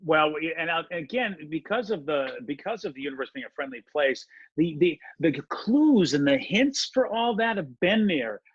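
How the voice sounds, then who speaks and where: A middle-aged man, a podcast guest, chatting casually and rambling through stories with halting restarts. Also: a little high, big pitch swings, breathy edge, no echo. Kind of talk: casual conversation. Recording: dull lo-fi dry audio.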